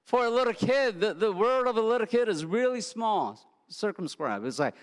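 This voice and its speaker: A man preaching a sermon in a relaxed, conversational way, telling anecdotes and often repeating words as he goes. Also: sits high, normal speed, few pauses. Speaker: pastor. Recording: echoey hall.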